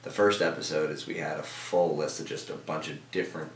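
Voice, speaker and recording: A young man appears as a team member guest in an office interview, speaking in a bass voice with a level tone at a fairly quick pace. He rambles casually with many fillers and restarts, recorded from a distance in an echoey room with slight background noise.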